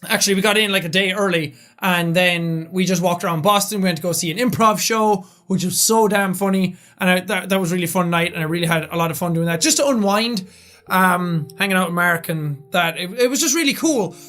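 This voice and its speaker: Raspy-voiced excitable young man vlogging. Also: sits high, fairly quick, soft background music. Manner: loud, excitable talker. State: raspy, strained voice. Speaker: YouTuber. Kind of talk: casual vlog recap.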